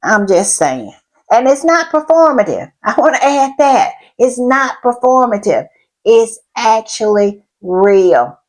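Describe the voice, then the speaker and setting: A woman's voice: on the high side, big pitch swings, slow pace, low-quality recording. A woman giving casual opinion commentary on royal news, stressing points by repeating words and laughing between remarks.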